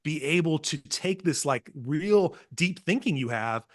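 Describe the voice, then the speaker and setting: A man guest on a podcast, telling parenting stories with earnest, animated energy and acting out what others said. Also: on the high side, measured pace. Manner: earnest, animated storytelling, acts out quotes. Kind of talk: casual podcast conversation.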